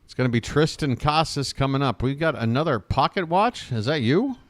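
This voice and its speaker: A man hosting a live fan play-by-play stream, calling pitches and thanking viewers, jokey and emotional. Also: brisk, no room sound. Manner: chatty, thanks viewers warmly between pitches.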